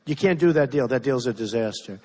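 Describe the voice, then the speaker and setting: A man's voice: mid-range voice, lively intonation, a little fast, darkish tone. A man in his sixties giving an off-the-cuff campaign rally speech, emphatic and repetitive, interrupted by hecklers. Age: 60s. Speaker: political candidate speaking at a rally. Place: large indoor rally venue. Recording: reverberant hall with faint crowd noise.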